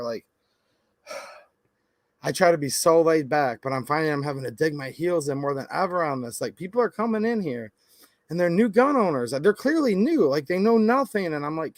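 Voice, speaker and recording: Laid-back rambling man, high voice. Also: lively intonation, normal speed, no room sound. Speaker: gun channel host. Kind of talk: casual venting to camera.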